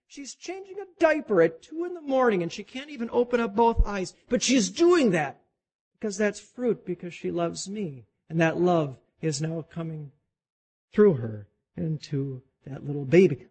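A man preaching from the pulpit with a slightly high, husky voice. He preaches with animated energy, often rising sharply in pitch as he gives God's words to his listeners. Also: normal speed. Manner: animated preaching, voice climbing high when voicing God. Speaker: pastor. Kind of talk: sermon.

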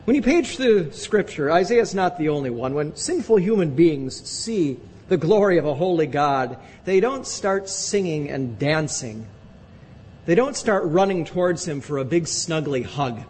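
A man's voice: expressive, unhurried, a little mellow, slightly rough. A male pastor preaching a sermon in a church, emphatic and repeating words for weight. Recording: long reverb with faint rumble.

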